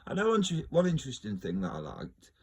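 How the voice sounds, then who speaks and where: A man's voice: fairly low pitch, wildly swooping pitch, brisk, creaky, husky. A man talking in a casual, rambling monologue, joking, laughing often and trailing off mid-sentence. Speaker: video host.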